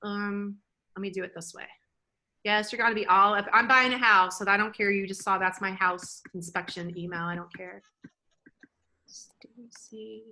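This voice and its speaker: A woman presenting a live online workshop, energetic and chatty, often cutting herself off mid-sentence. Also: medium pitch, fairly quick, poor audio. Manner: energetic, chatty, self-interrupting.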